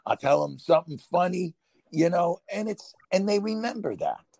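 A man with a Brooklyn accent talks in a casual, rambling podcast chat, often laughing and pushing his voice up when he gets excited. His voice is gravelly and husky. The sound is dry and close. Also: sits high, normal speed, dry recording. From New York. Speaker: podcast co-host.

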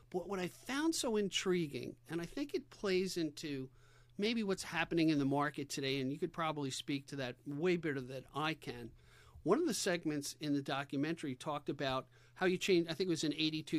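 A man's voice: fairly high pitch, no room sound. A man with a New York accent hosting a podcast interview in a casual, conversational way. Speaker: podcast host, salesman.

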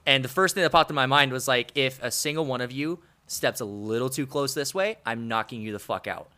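Male podcast guest, serving military, bright edgy tone, swears freely. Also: medium pitch, a little fast. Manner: sheepish, profane, laughing asides. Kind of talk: casual storytelling.

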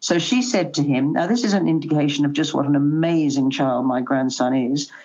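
Older woman, low-pitched, chatty storyteller, slightly dull lo-fi sound. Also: a little fast. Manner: chatty storyteller, animated quoting. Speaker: guest. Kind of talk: conversational interview.

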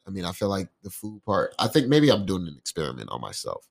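Laid-back low-voiced young man. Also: wildly swooping pitch, quick pace, vocal fry. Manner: laid-back, slangy and profane. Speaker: podcast co-host. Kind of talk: casual group chat.

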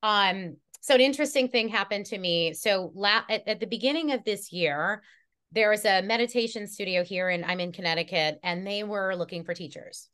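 A woman's voice: medium pitch, moderate pace, fairly bright tone, clean tone. Chatty heartfelt woman storyteller. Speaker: guest. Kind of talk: casual podcast conversation. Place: Connecticut.

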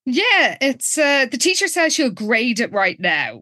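High-voiced woman, halting casual recap. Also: big pitch swings, sharp tone, dry recording, clean studio sound. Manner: hesitant, many fillers and restarts, laughing often. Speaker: podcast co-host.

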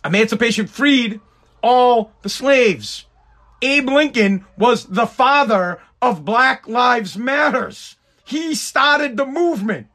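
A man from the United States delivers an exasperated, profanity-heavy rant straight to camera. His voice sits high for a man, and he repeats words as he pushes his point. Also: expressive, slow, pushed and bright. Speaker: vlogger. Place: Boston.

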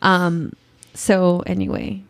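A woman in her thirties in casual chat, an animated storyteller who acts out quotes. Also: fairly low pitch, slow pace, creaky. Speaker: podcast co-host.

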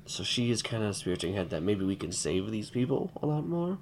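Deep-voiced game master, rambling. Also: male voice, big pitch swings, fairly quick, darkish tone, slight background noise. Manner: rambling, filler-heavy explaining with frequent laughs. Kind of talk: narrating a tabletop game.

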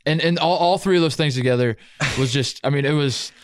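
A man's voice: a little high, brisk, dry recording. A man co-hosting a podcast, telling stories in a playful, laughing casual sports chat. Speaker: podcast co-host.

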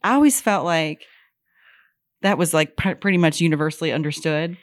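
A middle-aged woman chatting casually as a podcast co-host, self-deprecating and lively when she quotes others. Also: low-pitched, normal speed, no echo, studio quality. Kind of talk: casual chat.

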